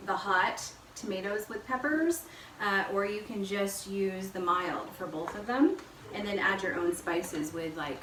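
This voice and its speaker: A woman hosts a relaxed home cooking video, chatting her viewers through every step. Her mid-range voice is picked up by a camera mic set back in an echoey home kitchen. Steady background noise runs under her voice. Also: fairly low pitch, recorded from a distance. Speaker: cooking show host. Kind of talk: casual home cooking demonstration.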